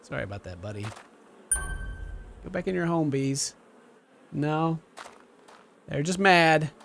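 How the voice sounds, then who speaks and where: Excitable high-voiced male gamer. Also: slow, creaky, a little hiss or hum. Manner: excitable, jokey, sudden loud outbursts. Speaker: gaming YouTuber. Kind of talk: let's play commentary.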